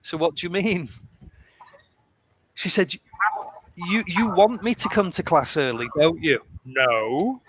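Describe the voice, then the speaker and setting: Male English teacher telling stories, slightly high voice, muffled lo-fi recording with faint hiss. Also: unhurried, pauses often. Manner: animated, acts out quotes with shifting voices. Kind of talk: casual storytelling conversation. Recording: muffled lo-fi sound with faint noise.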